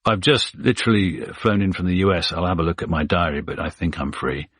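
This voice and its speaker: A man's voice: sits low, fairly even intonation, fairly quick, fairly bright tone, slightly rough, dry recording, studio quality. A man voicing a tired, guarded male journalist who answers curtly. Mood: weary. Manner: weary and curt.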